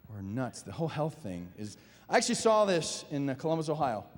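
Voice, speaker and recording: A man doing a stand-up comedy set on a theater stage, landing wry deadpan punchlines. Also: a little high, a little fast, a little hiss or hum. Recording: live hall reverb, faint ambience.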